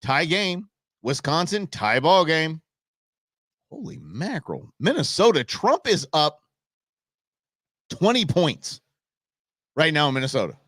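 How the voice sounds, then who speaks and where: A man hosting a live stream, talking in a loose, rambling way full of restarts and jokey asides. His pitch swings up and down a lot as he gets worked up. The sound is close and dry, with no room echo. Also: big pitch swings, measured pace, long pauses, fairly bright tone. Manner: jokey, opinionated banter. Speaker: host of a live election-night stream. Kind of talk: casual live-stream commentary.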